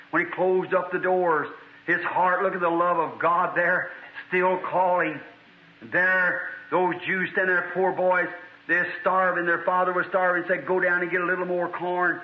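A man preaching a revival sermon, telling a story in a fervent, folksy way. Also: high voice. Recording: tinny archival hall recording.

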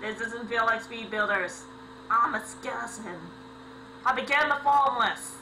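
Here a young woman hosting a gaming channel offers lively let's-play commentary punctuated by abrupt yelps and giggles. She speaks at a measured pace in a somewhat high voice, and the home recording has poor audio and a mains hum.

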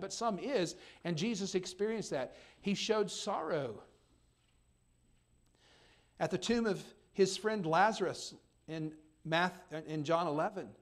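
Emphatic man preaching, fairly high voice. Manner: emphatic preaching that swings between soft and loud; reads old-fashioned scripture aloud. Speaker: pastor. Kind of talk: sermon.

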